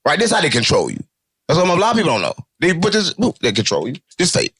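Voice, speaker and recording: A man talks fast and loose in an interview. His voice sits fairly high and swings widely in pitch. He jokes, swears and keeps circling back to his catchphrases. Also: breathy edge. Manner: animated, swearing, jokey, repeats catchphrases. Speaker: interview guest. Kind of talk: unfiltered street talk.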